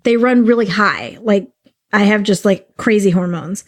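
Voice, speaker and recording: A middle-aged woman co-hosting a podcast, talking in a rambling, animated way and swearing freely. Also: mid-range voice, moderate pace. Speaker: podcast co-host. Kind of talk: casual chat.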